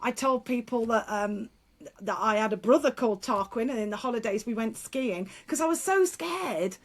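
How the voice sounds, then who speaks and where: A middle-aged woman, a guest speaker and former teacher, telling stories in a frank, lively way with laughs and quick restarts. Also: on the high side. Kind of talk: casual interview storytelling.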